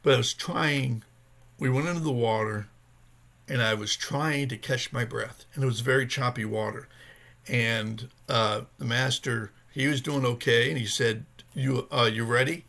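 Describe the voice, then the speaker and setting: A man speaking in a casual vlog, earnest and a little rambling, often pausing to find the right words. His voice has a gravelly, fry-tinged edge at a middling pitch. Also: sharp tone. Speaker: vlogger sharing his recovery journey. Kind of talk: casual personal vlog talk.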